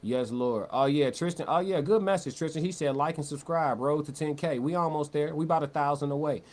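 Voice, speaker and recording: This livestreamer's voice runs a little high, a little fast, and slightly mellow. Reading chat during his live commentary, he keeps things casual and slangy, restarting lines and doubling up on words.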